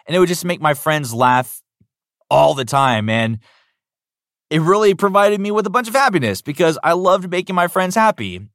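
An upbeat man talks as a voice actor in an interview, animated and chatty, leaning on casual fillers. His voice sits in an ordinary middle register. The sound is dry and close, with no room echo. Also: medium pitch. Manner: upbeat, animated, lots of fillers like "you know". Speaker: voice actor guest. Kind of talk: enthusiastic interview answers.

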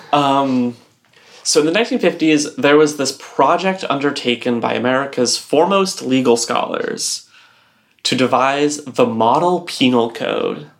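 A woman's voice: very deep voice, a little slow. A young woman co-hosting a casual podcast, explaining things at length with lots of "like" and "um". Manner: rambling explainer, heavy use of "like" and "um". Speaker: podcast co-host.

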